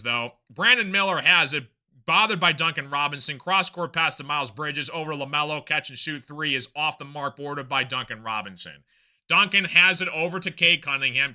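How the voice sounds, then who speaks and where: Bright-voiced man calling live basketball. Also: a little high. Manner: rapid game calls mixed with casual chatty asides. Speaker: play-by-play streamer. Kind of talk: live play-by-play reaction commentary.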